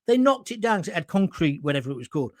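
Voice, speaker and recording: Impassioned man with lively pitch. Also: rapid-fire, dry recording, studio quality. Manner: indignant and emotional, addressing viewers directly. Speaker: host of his own live show. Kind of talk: impassioned live-stream commentary.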